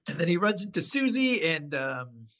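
A man rambling through an animated, laugh-filled retelling in casual chat. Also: a little high, moderate pace. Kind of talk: casual chat recapping an episode. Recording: slightly dull lo-fi sound.

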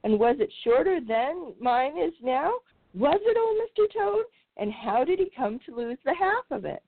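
Tiny eager mouse boy, read by a woman, high squeaky pleading voice, phone-like sound. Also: very animated, moderate pace, no echo. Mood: curious. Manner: breathless, polite, pleading. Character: timid eager little male meadow mouse.

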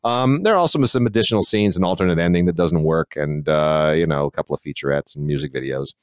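A man's voice: a bass voice, fast talker, no room sound, studio quality. A man co-hosting a casual film chat, opinionated and digressive, with frequent restarts. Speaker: film reviewer, podcast co-host.

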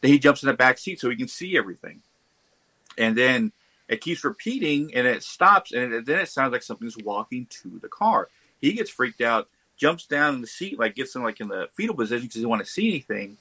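A man, a podcast guest, telling a ghost story in a casual, animated way. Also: medium pitch, a little fast, slightly rough, dry recording, poor audio. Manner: animated, acts out quoted voices.

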